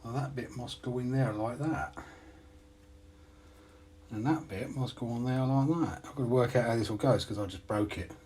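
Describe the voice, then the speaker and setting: A man's voice: medium pitch, normal speed, pauses often, a little mellow. A man vlogging casually about his RC hobby, thinking aloud and muttering to himself as he works out how parts fit together. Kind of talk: casual talk while repairing. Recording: distant mic with faint hum.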